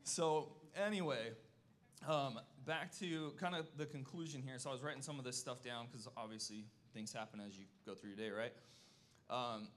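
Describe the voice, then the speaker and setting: A man's voice: medium pitch, moderate pace, fairly bright tone, a little hiss or hum. A man in his thirties giving a personal testimony at church, earnest and folksy, often checking in with "okay?" and fighting back tears. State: emotional, close to tears. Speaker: church speaker.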